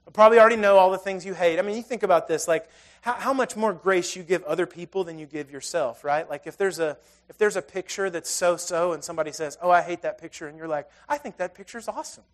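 A man in his thirties with a high voice preaches in a relaxed, conversational way. He tells self-deprecating stories and swings between loud emphasis and near-hushed asides. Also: quick pace. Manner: storytelling with self-deprecating humor. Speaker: pastor. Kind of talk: conversational sermon.

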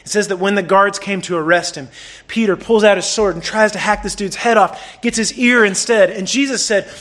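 A man preaching a sermon in a lively, conversational way, swinging between loud bursts and hushed lines. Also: high voice, fairly quick. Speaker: pastor.

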